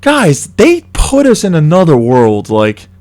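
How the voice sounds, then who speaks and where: Young guy gushing about a haunted trip, voice jumping all over, kinda high, swears a ton. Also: measured pace. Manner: excited, swears a lot, animated storytelling. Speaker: co-host. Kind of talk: casual chat.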